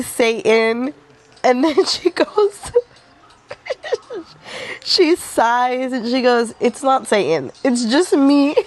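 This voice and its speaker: A woman's voice: medium pitch, creaky, slight background noise. A young woman from the United States chatting casually at home as a book vlogger, recapping and ranting with bursts of laughter. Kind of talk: casual chat.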